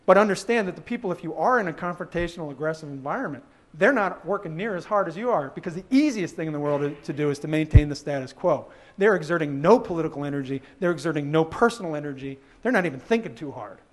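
A man giving a conference presentation, animated and joking, acting out quoted voices and laughing at his own lines. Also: a little high, fast, hardly any pauses. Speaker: conference speaker. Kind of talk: presentation talk.

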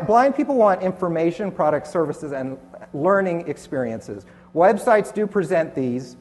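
A man presents at a conference with sardonic, dry humor. His voice sits somewhat high. The sound carries long reverb from a hotel conference hall. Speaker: conference speaker. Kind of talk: presentation talk.

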